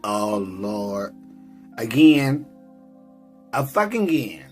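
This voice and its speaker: A woman's voice: rumbling low, sing-song, darkish tone, soft background music, pitched below the performer's own voice, exaggerated voice. A woman putting on a weary, fed-up woman's voice. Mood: exasperated. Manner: slow, heavy, exasperated muttering with swearing.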